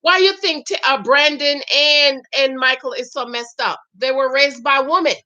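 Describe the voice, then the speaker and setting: Chatty woman vlogger w/ a high bright voice, reading comments, keeps saying okay. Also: steady tone, moderate pace, highs cut off. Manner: chatty and emphatic, repeats "okay?" often. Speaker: show recap vlogger reading viewer comments. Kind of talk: casual live-stream chat.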